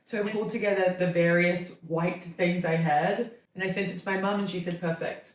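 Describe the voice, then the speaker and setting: A woman's voice: on the low side, steady tone, brisk, far from the mic. Woman in her thirties telling a chatty story. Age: 30s. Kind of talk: casual chat. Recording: echoey room, voice off-mic.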